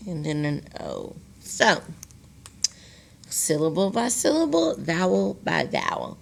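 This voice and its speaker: A woman teacher records a lesson for young children, speaking straight to the class and slowly sounding out words one syllable at a time. Her voice sits on the low side with a fairly bright tone.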